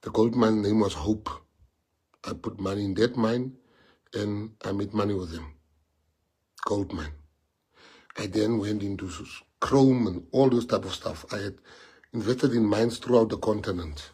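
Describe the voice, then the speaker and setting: Man, South African accent, native Afrikaans, husky, impassioned, repeats rhetorical questions. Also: fairly low pitch, a little slow, long pauses, darkish tone. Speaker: politician addressing followers. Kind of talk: emotional live-streamed monologue.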